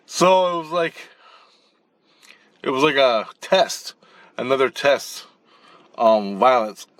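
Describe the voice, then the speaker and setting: A man at an ordinary middle pitch tells his story in a loose, rambling way. He is blunt and swears freely, often restarting and repeating words as he goes. He acts out the fight as he describes it. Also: takes it slowly, no echo. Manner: animated, acting out the action as he tells it. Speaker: channel host recounting spirit-world dreams.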